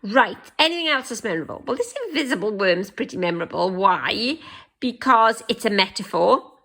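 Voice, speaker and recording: A woman's voice: medium pitch, lively intonation, moderate pace, bright, forceful tone. A woman teacher, giving a recorded lesson on essay writing in a chatty way, thinking aloud and often restarting her sentences. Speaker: English teacher.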